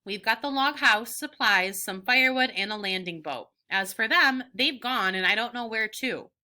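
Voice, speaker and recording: A woman's voice: on the high side, lively intonation, moderate pace, bright, forceful tone. A woman teacher reading aloud as a cunning old male pirate captain, talking in a persuasive, folksy way. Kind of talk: read-aloud of a novel.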